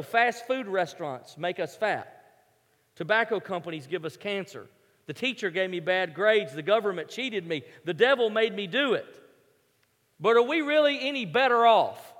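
A male pastor preaching in an emphatic, conversational storytelling manner, his voice sitting fairly high. The sound carries a long hall reverb. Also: a bit bright. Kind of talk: sermon.

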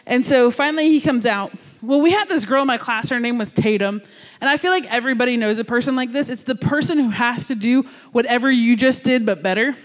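A man from New Jersey giving a sermon as a youth pastor, telling a story in an animated, jokey, conversational way. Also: very high-pitched, a little fast, long reverb tail.

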